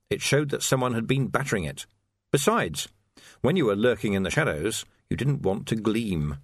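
A man's voice: on the low side, no echo, clean studio sound. A man narrating an audiobook expressively, acting out the characters.

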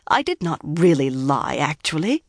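Woman doing a proud young healer, low-voiced and defensive, storybook read-aloud, dry booth sound. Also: sing-song, moderate pace, dry recording, exaggerated voice. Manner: flustered and defensive.

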